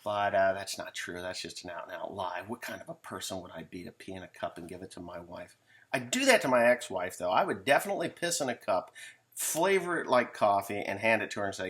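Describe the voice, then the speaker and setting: A man's voice: deep voice, brisk, bright, forceful tone, slight background noise. A man who farms and talks in a casual, rambling monologue with jokes and frequent asides. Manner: joking, rambling, self-interrupting. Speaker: farmer vlogger.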